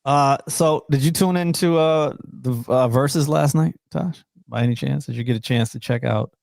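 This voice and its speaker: A man co-hosting a casual talk show, laid-back, prompting with short questions and halting fillers. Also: medium pitch, vocal fry, darkish tone, dry recording, clean studio sound. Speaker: co-host. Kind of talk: casual chat.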